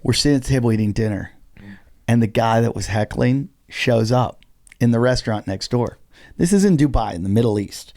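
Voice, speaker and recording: A man spins an anecdote on a casual podcast. He speaks at a middle pitch and swears freely as he builds the story. His delivery is animated, like a comic working a crowd. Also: brisk, no room sound, studio quality. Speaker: comedian guest.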